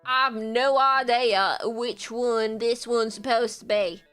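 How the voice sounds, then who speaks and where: A woman's voice: on the high side, fairly even intonation, a bit bright, smooth, soft background music. A woman putting on a drawling Southern country gal. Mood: folksy. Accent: put-on stereotypical US Southern. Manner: slow, drawn-out country drawl.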